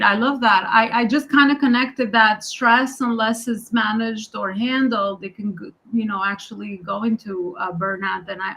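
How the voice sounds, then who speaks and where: A woman's voice: on the high side, vocal fry, a bit bright, poor audio. A woman hosting an online summit with an accent, praising her guest effusively and asking follow-up questions. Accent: non-native English. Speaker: host. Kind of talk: interview hosting.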